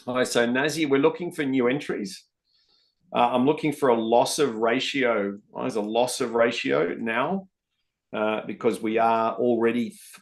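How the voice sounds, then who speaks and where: A man commentates live trades for an online audience. He speaks in a relaxed, chatty way at a middle pitch and keeps calling viewers guys and mate. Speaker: trading educator hosting a live session. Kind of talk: live-stream trading commentary.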